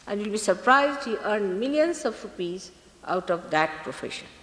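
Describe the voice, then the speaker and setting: Brief: woman spiritual teacher, animated storytelling voice, roomy hall with a long echo. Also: medium pitch, moderate pace. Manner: lively storytelling with repetitions. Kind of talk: spiritual talk to an audience. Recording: echoey hall archive recording.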